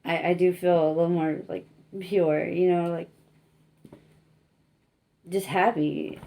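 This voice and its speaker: A woman's voice: fairly low pitch, little pitch movement, takes it slowly, gravelly, warm tone. A young woman giving a casual tarot reading, rambling and self-conscious, laughing often and filling her talk with likes and you-knows. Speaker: tarot reader.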